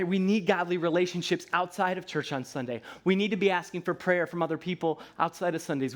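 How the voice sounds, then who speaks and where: A man, likely in his thirties, preaching a sermon in a church in a relaxed, conversational way, often checking in with "right?" and slipping into playful voices. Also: high-pitched. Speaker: pastor. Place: church sanctuary.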